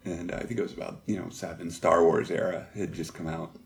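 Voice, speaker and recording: A middle-aged man telling personal stories as an interview guest, halting and reflective with many pauses. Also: low-pitched, steady tone, vocal fry. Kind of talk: candid personal storytelling.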